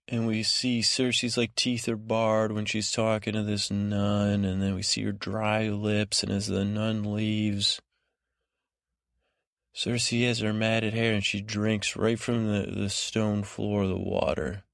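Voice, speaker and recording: A man's voice: fairly low pitch, flat delivery, slow, vocal fry, a bit bright, dry recording, studio quality. A man hosting a sleep podcast, giving a meandering recap of a TV episode with lots of fillers and restarts. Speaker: podcast host. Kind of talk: rambling bedtime recap.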